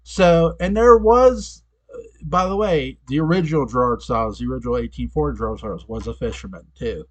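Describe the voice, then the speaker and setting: A man talks through a television episode in a loose, conversational recap. He chuckles often and trips over his words, circling back with asides. His voice sits in an ordinary middle pitch. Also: fairly quick. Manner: chatty, laughs often, frequent restarts and asides. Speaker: fan reviewer recapping episodes. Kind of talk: casual spoken episode recap.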